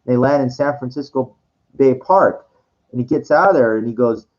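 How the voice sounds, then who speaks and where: A man's voice: medium pitch, moderate pace, darkish tone. Rambling man telling a story, lo-fi. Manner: rambling, full of restarts and swearing; acts out quoted voices. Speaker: vlogger telling a personal story. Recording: dull lo-fi recording.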